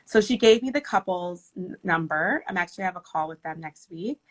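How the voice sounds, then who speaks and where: A woman wedding planner chatting casually in an interview, animated and laughing as she tells stories. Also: mid-range voice, a little fast, hardly any pauses, poor audio. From Michigan.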